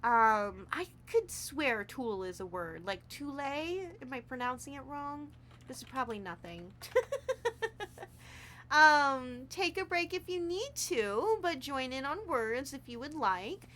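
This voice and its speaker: A woman live-streaming a game, chatting casually with viewers and gushing with excitement over what she finds. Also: sits high, slow pace. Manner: excitable, gushing and squealing with delight; chatty, addresses viewers as sweethearts.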